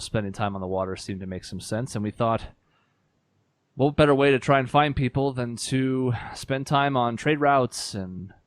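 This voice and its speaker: An earnest, weary male dragonborn sailor, played by a man for a tabletop game. He tells his tale in a measured, steady way. The voice sits at an everyday middle pitch. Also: no room sound, lightly acted.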